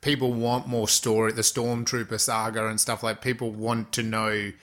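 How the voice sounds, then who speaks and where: A man with a bright, forceful voice talks casually about a film, rambling through fillers and restarts as he works out his point. His tone stays conversational and loose. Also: on the low side, level tone, normal speed.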